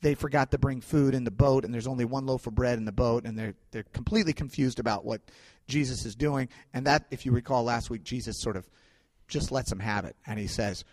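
A male pastor giving a sermon, telling stories in a conversational way with fillers, swinging between loud and quiet. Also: mid-range voice, brisk. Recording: long hall reverb.

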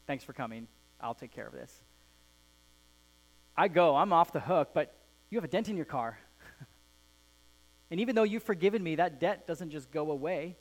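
A man preaching a sermon as pastor of a church, reading a story aloud and explaining it in an earnest way that softens at the ends of phrases. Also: fairly high pitch, rough recording.

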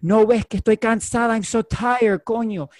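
A worn-out mother at the end of her rope, complaining loudly in a raised, strained voice, as a man acts her out. The sound is close and dry. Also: high-pitched, moderate pace, no echo, voice pushed up, close to an everyday voice. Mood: exasperated. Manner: loud, exasperated complaining. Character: exhausted, scolding mother of the house.

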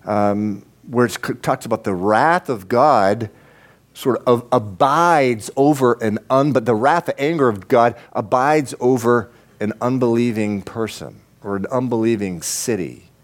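A man's voice: mid-range voice, measured pace. A pastor preaching a sermon in a church, talking straight to his congregation and building to fervent, repeated emphasis. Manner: preaching with rising, impassioned emphasis and repetition; addresses the congregation directly.

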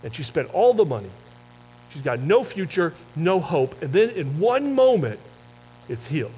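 A man preaching a sermon in a conversational storytelling way, often dropping soft and low for emphasis. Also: sing-song, moderate pace, slight background noise, low-quality recording. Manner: self-described wordy talker. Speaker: pastor.

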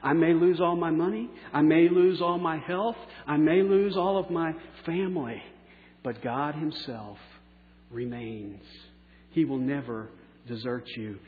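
A pastor preaching a sermon, slowing down for key phrases and letting line endings trail off softly. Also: male voice, a little high. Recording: echoey hall on a tinny phone-like line.

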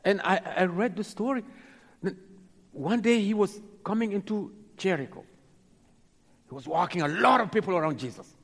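Husky preacher with a lively voice. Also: male voice, high-pitched. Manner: dramatic, acts out the people in his stories; halting, repeats words. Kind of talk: sermon storytelling. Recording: long hall reverb.

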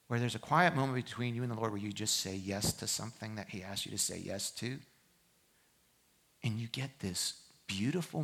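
Bright-voiced preaching pastor, man. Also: on the low side, husky. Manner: impassioned preaching that swings from loud exhortation to quiet reflection. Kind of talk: sermon. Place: church service.

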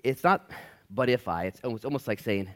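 A man's voice: medium pitch, brisk. A male pastor preaching a casual verse-by-verse sermon in a church, slangy and acting out quoted voices.

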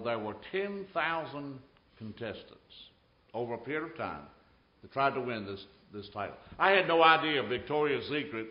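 A man preaches a sermon, telling stories with a lively, swooping voice. He swings between loud bursts and hushed asides. The sound is echoey and a little dull, like an older church recording. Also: medium pitch.

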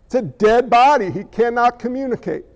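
A man preaching a sermon as a pastor, animated, with quick asides to the congregation. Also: extremely high pitch, lo-fi sound.

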